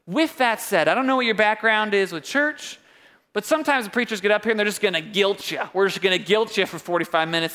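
A young man preaching a sermon in a church, casual and joking, swinging widely between high and low. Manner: casual and joking, with wide swings of pitch and loudness. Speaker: pastor.

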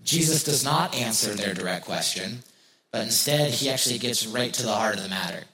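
A male pastor in the middle of a sermon, chatty and plain-spoken, who keeps asking the congregation questions and circles back to repeat his main points. His voice sits at an ordinary middle pitch. The sound carries a roomy echo, as in a church sanctuary. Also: lively intonation, fairly quick, pushed and bright. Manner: conversational, rhetorical questions, repeats key phrases.

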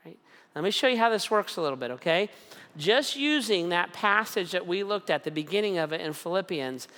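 A middle-aged man preaching a sermon in a conversational way, often checking in with "right?" and "okay?" and slowly repeating his key lines. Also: high-pitched, lively intonation, pushed and bright, long reverb tail. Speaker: pastor.

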